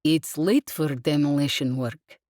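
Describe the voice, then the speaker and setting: A woman's voice: low-pitched, measured pace, a little mellow, no echo, studio quality. A woman voicing a tough, bantering spacer woman. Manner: teasing, banter. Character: woman crew member, tough and quick-witted.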